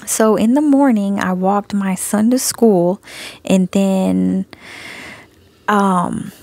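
Gravelly-voiced woman telling her story. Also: medium pitch, slow pace, no echo. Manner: animated storytelling, acting out both sides of conversations; frequent laughter. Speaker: Christian video creator sharing messages. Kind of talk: casual spoken testimony. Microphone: phone.

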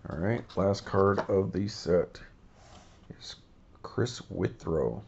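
Deep gravelly monotone man. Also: takes it slowly, muffled recording, slight background noise. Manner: rambling, with many fillers and self-corrections. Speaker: baseball card channel host. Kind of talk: casual card-collecting vlog.

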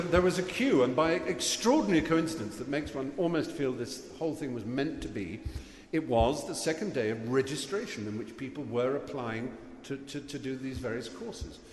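This middle-aged Englishman, speaking in a mid-range voice, delivers a wry, anecdotal graduation address from a podium. He tells self-deprecating stories and halts now and then with fillers. The large hall gives long reverb with faint room noise.

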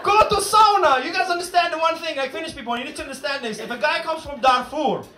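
A brash, profane male comedian with a very high voice works a live room. He is picked up from a distance in an echoey venue. A loud crowd and steady noise sit behind him. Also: quick pace. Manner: brash, profane, punchy delivery. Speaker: stand-up comedian. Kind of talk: stand-up comedy.

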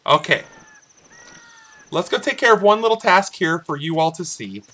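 A man's voice: high-pitched, lively intonation, moderate pace, bright, forceful tone. A man casually commenting on his gameplay, playful and jokey, talking back to the game's characters. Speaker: let's play host. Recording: faint game music behind.

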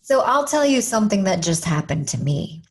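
A woman from Kansas with a Kansas accent, an animated and playful storyteller chatting as a guest in an interview. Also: medium pitch, moderate pace. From Kansas, USA. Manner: animated storyteller, playful, bursts into sing-song. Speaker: guest, motivational speaker. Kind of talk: casual interview chat.

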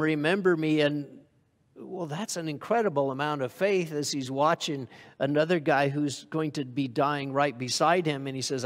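Male preacher in a reverberant church hall. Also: fairly high pitch. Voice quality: conversational, asks the congregation questions. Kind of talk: sermon.

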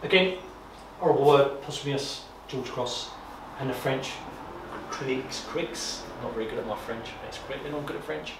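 A man giving an informal talk at an exhibition, telling stories in a chatty, animated way with repetitions and asides. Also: medium pitch, brisk, few pauses. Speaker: guest speaker on wartime history. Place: exhibition room. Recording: echoey room from far off, noisy.

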